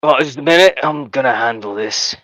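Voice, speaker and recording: A man voicing a gruff, blunt male army sergeant who talks with a boastful, bullying swagger. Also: medium pitch, fairly quick, a bit bright, no room sound, close to an everyday voice, rough recording.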